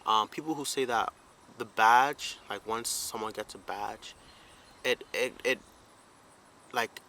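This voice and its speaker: A man's voice: mid-range voice, slow pace, bright, forceful tone, slight background noise. A man hosting a casual podcast interview, asking questions hesitantly with many fillers. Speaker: podcast host.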